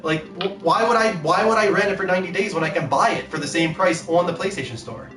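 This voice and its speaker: A man's voice: high voice, fast talker, reverberant, over music. A man hosting a gaming talk show in casual, upbeat chat, laughing easily. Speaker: podcast host.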